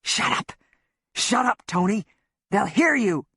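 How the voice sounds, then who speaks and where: A woman's voice: fairly low pitch, expressive, moderate pace, slightly rough, dry recording, studio quality. A woman voicing a desperate, volatile armed man in an audiobook, pleading at first and then bellowing and hissing threats. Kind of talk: audiobook narration.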